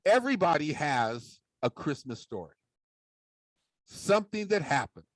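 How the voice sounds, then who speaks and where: Man, storytelling speech, high lively voice, slow and deliberate, dry sound. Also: dry recording, low-quality recording. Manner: animated, acts out the voices in his story. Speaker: public speaker.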